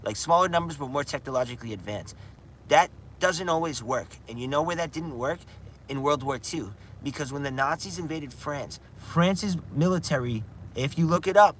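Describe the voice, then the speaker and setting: A man's voice: fairly high pitch, a bit bright, a little hiss or hum. A man chatting casually on a livestream from outdoors, rambling and saying "dude" a lot. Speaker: gaming livestreamer.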